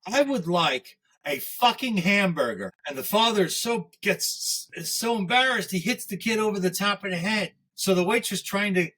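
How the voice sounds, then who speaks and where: A man tells crude jokes on a casual podcast. He rambles and stops to restart his sentences. His voice sits slightly high for a man. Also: bright, forceful tone. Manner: rambling, halting storyteller with restarts. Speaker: podcast co-host.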